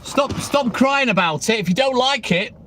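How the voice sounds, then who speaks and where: A man's voice: very high voice, expressive, normal speed, a bit bright. A middle-aged man chatting on a phone live stream from a moving vehicle, blunt and combative, swearing heavily as he answers comments. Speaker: livestreaming milkman. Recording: noisy car with wind noise on mic.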